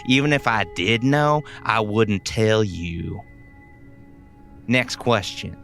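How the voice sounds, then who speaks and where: A man's voice: on the low side, lively intonation, takes it slowly, gravelly, fairly bright tone, soft background music, full character voice. A man voicing a hard-bitten young woman, a smoking gangster's moll who talks tough and calls people kid. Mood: cool.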